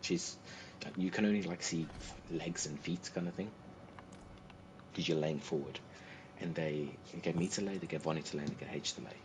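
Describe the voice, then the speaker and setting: A man hosting a livestream, chatting casually and telling an animated anecdote, acting out the people he quotes. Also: very deep voice, moderate pace. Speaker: livestream host. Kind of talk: casual storytelling to a co-host. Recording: noisy livestream audio.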